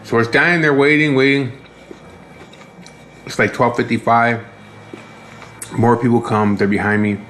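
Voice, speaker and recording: A man's voice: mid-range voice, fairly even intonation, measured pace, pauses often, a bit bright, slight background noise. A man casually telling a rambling, profane story about his day, tired and fed up. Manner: profane, rambling, frequent restarts. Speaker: vlogger.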